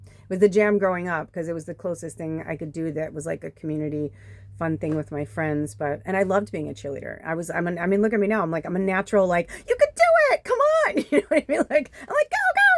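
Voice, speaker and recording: A woman's voice: sits low, a little mellow. A woman in her fifties, a spiritual medium, rambling in a chatty, emphatic way and swearing often. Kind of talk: casual rambling monologue.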